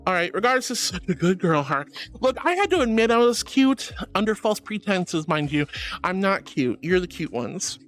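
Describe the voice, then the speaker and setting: A woman's voice: medium pitch, big pitch swings, normal speed, faint music behind. A woman streaming live and chatting with her viewers, playful and theatrical, calling them darling and honey. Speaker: virtual streamer.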